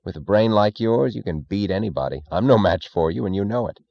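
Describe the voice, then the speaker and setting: A man's voice: on the low side, lively intonation, a little fast, creaky, highs cut off. A man reading an audiobook, voicing a nervous, evasive male government leader who pleads and fidgets. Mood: helpless. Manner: pleading, fidgety, falsely casual.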